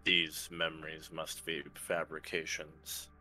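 An ancient alien Leviathan speaks in a deep, echoing voice inside the players' minds, as a man puts it on. It is slow, cold and dismissive, its voice pitched low. Faint music plays under the tabletop game. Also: monotone, bright, forceful tone, full character voice. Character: ancient doubting Leviathan, vast alien mind-voice.

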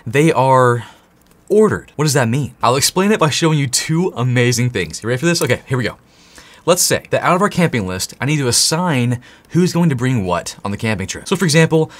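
An excitable American coding instructor delivers an enthusiastic tutorial, joking and speaking straight to the viewer. His pitch swings widely, and keyboard typing can be heard in the background.

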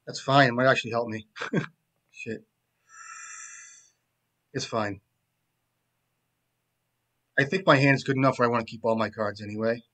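A man with a middling voice talks his way through a card game, swearing freely and kidding around. He often drops into quiet mumbles as he thinks through a move, then picks back up in a casual, joking tone. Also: unhurried, pauses often. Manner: profane, joking, trailing off into low mumbles. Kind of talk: casual commentary while playing.

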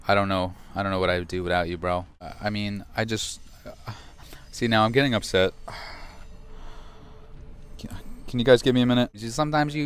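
Halting, sentimental young man. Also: fairly low pitch, fairly bright tone, clear, resonant tone. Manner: halting and sentimental, joking to cover emotion. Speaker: gamer paying tribute to a friend. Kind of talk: casual heartfelt speech to camera.

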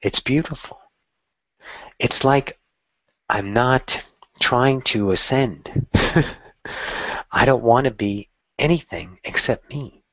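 A man casually telling a personal story in a candid, excitable way, swearing now and then. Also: medium pitch, takes it slowly, long pauses, dry recording, highs cut off. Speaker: channeler telling his story.

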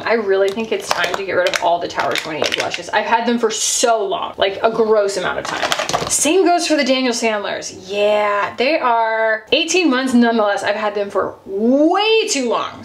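A woman's voice: fairly high pitch, roomy sound, background noise. A woman, chatting casually and gushing as she sorts through her makeup. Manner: chatty, sometimes gushing, with frequent "like" and "y'all". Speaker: beauty channel host. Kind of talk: casual chat while decluttering makeup.

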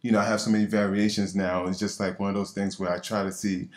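A man's voice: sits low, quick pace. A man from Nigeria with a Nigerian accent, speaking on a conference panel and telling it playfully, with rhetorical asides. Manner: animated storytelling, playful, rhetorical "right?". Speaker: orthopaedic surgeon. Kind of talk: panel discussion. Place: symposium lecture hall. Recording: echoey conference hall on a mic.

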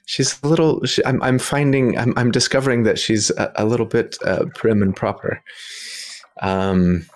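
A man's voice: mid-range voice, fairly even intonation, moderate pace. A man playing a tabletop game over a video call, hesitant and thinking aloud. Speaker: player.

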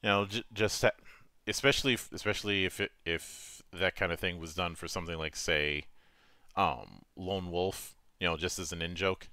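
Low crisp-voiced man, stammering host. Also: moderate pace, sharp tone, dry recording. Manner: stammering restarts, repeats words. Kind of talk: casual interview chat.

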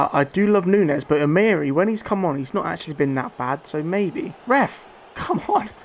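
A young man doing live commentary on a football video game, urging on his players and shouting when they score or miss. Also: on the high side, dull audio. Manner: excitable, shouts at players, swears. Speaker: gaming streamer.

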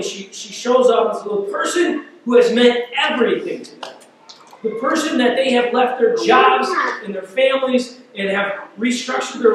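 A pastor delivers a sermon in a very high, fairly bright voice, with a little hiss or hum in the audio. He retells a scripture story vividly, repeating words as his intensity builds. The mic sits at a distance in an echoey church hall.

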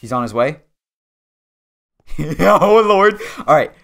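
A man's voice: a little high, expressive, slow, creaky, fairly bright tone. Joking young man narrating his game.

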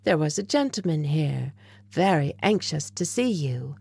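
A woman voicing a young male hotel hall boy with quick, deferential speech. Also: low-pitched, sing-song, gravelly, darkish tone, breathy edge, exaggerated voice. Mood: eager.

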